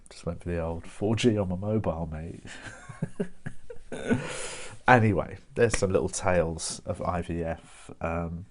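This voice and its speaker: A man's voice: low voice, steady tone, normal speed, hardly any pauses, a little hiss or hum. A young man. He keeps it chatty, laughing at his own lines and tossing in "mate" and "innit". He performs at home to a camera, with no audience to answer him. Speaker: stand-up comedian. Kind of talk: stand-up storytelling without an audience.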